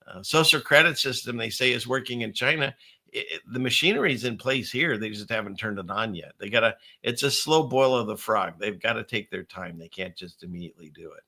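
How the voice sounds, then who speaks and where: A man's voice: mid-range voice, creaky, sharp tone. A middle-aged man hosting a casual, rambling commentary show with a conspiratorial, chuckling manner. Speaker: channel host.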